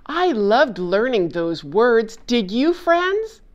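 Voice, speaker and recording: A woman voicing a friendly, eager young boy puppet who gasps with excitement in a children's puppet lesson. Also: a little high, slow pace, dull audio.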